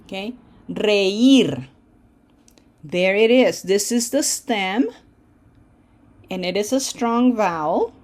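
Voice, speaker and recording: Casting: female language teacher, unhurried delivery, patient, keeps checking in with the class. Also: medium pitch, lively intonation, darkish tone. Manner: patient, explains step by step, frequent "okay?" check-ins. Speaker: Spanish teacher. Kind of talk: online language lesson.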